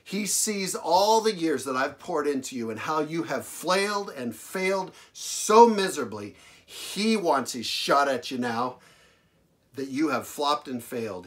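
A male pastor delivering a sermon, repeating phrases for emphasis and swinging between loud declarations and hushed lines. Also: fairly high pitch, expressive, a little slow. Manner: dramatic preaching, big swings from loud to hushed.

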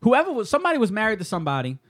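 A man's voice: high-pitched, wildly swooping pitch, racing, a bit bright, no echo, clean studio sound. Rambling, swearing man on a podcast. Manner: rambling storyteller, swears, laughs often. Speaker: podcast co-host. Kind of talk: casual banter.

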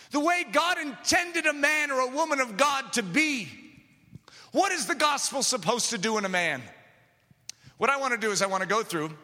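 A man preaching a sermon with passion, dropping to quiet asides and rising to shouts. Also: very high voice. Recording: long hall reverb.

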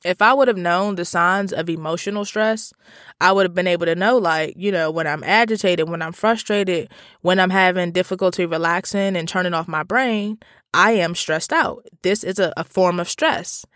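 A man telling a story straight to his listeners in a casual, profane, slangy monologue that swings between animated rants and calmer reflection. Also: high voice, normal speed, no room sound, clean studio sound.

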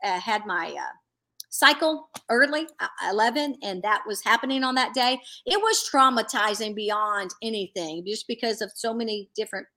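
A middle-aged woman sharing a personal faith testimony in earnest, animated storytelling, acting out what others said. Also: on the high side, normal speed. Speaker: guest.

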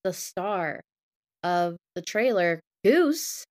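Expressive young woman in casual chat. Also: on the low side. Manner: expressive, acts out imagined dialogue in quick voices. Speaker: podcast co-host.

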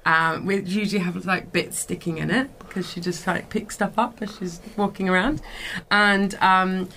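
A woman's voice: lowish voice, fairly even intonation, moderate pace, bright, forceful tone, slight background noise. A woman playing in a tabletop game, chatting casually and giggling as she describes her character. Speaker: player.

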